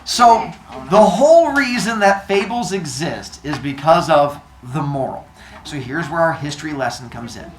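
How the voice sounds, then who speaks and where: A man's voice: a little high, normal speed, slight background noise. A man teaching a class, telling a joke-filled story and teasing his students. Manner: joking, animated, teasing students. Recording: echoey classroom with student chatter.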